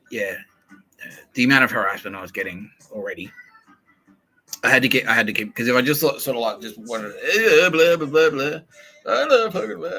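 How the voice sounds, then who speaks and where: A man's voice: fairly low pitch, bright, forceful tone, breathy edge, rough recording. A man hosting a podcast, talking in a profane, rambling way and often restarting his sentences. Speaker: podcast host. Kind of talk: casual rambling monologue.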